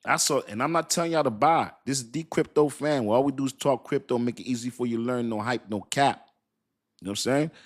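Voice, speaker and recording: A man in his fifties hosting a casual crypto livestream, talking in an animated, repetitive, slangy way and laughing often. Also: fairly high pitch. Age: 50s. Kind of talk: casual live-stream talk.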